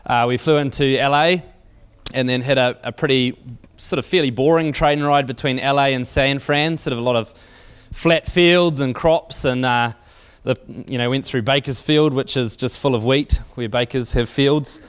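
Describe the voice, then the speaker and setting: A man's voice: medium pitch, steady tone, normal speed, clean tone. Wry man telling a travel story. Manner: anecdotal, wry, loose with fillers and restarts. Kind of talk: storytelling sermon.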